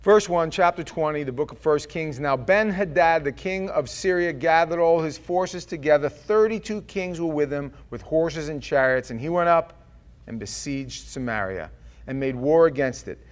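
A middle-aged man, a senior pastor, praying softly then preaching a sermon with emphatic delivery and humorous asides to the congregation. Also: fairly high pitch, normal speed. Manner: earnest, shifts from hushed prayer to loud emphatic preaching. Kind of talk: sermon with opening prayer and scripture reading.

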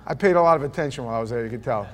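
A man preaching a sermon to a congregation, telling stories and then reading scripture aloud, swinging between loud declaiming and hushed asides. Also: medium pitch, animated, very fast. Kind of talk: sermon with personal storytelling. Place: church before a live congregation.

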